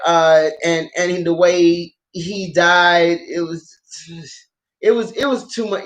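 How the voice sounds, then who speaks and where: Excitable, profane woman vlogger, roomy echo. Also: on the low side. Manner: profane, excitable, laughs often. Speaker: drama review vlogger. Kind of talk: casual unscripted chat to viewers.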